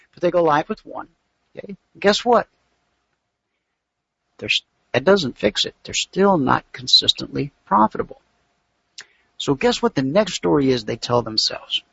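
A middle-aged man gives an instructional talk to traders, and his voice is raspy and gravelly with a slightly raised pitch. He is animated and keeps acting out little scenes of the people he describes. The recording is dry and lo-fi. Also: normal speed, long pauses, no room sound. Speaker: trading mentor.

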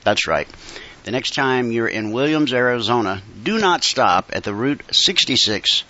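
A man's voice: mid-range voice, sing-song, unhurried, sharp tone, dry recording, muffled recording. A middle-aged man hosting a casual monologue, folksy and wry, a little congested from a cold. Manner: conversational and folksy, with wry asides.

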